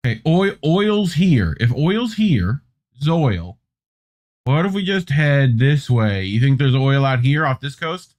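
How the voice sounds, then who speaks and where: A man's voice: medium pitch, big pitch swings, a little slow, darkish tone. A man co-hosting a news show in loose, rambling casual commentary, with profane asides. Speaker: co-host.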